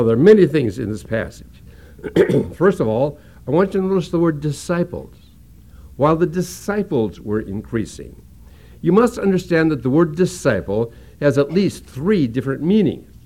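A man's voice: a little high, warm tone. A man preaching a sermon as pastor, explaining a passage step by step and repeating words as he searches for them.

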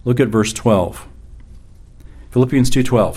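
A man preaching a sermon, reading scripture aloud with slow emphasis and repeating key phrases. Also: medium pitch, animated, darkish tone. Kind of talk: expository sermon.

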